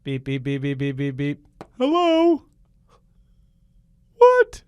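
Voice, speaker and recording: A man putting on a shrill, nasal comedian host for improv comedy, pitched far above his own voice and pushed loud. The delivery is over the top and exclaiming, in a dry, close sound. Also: huge pitch swings, measured pace, no echo, dull audio, full character voice. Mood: excited. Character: excitable, high-pitched male celebrity comedian host.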